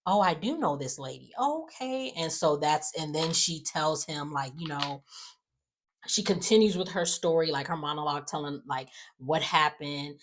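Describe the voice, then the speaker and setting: A woman's voice: low voice, expressive, moderate pace. A woman casually recapping soap opera episodes, rambling with lots of "like" and "you know" and acting out the characters' lines as she goes. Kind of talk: casual chat.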